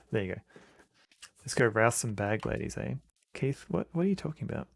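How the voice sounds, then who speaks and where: A man's voice: fairly low pitch, lively intonation, moderate pace, creaky, dry recording. An Australian man streaming an old adventure game, joking around and reading the game's text aloud into a desk mic. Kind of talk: casual let's-play commentary.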